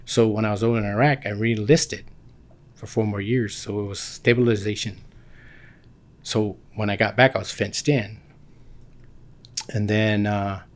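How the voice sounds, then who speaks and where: A man in his fifties from Guam, a guest telling casual stories about his army years, animated and full of restarts. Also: fairly low pitch. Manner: animated, acts out quoted dialogue with many restarts. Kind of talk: casual storytelling.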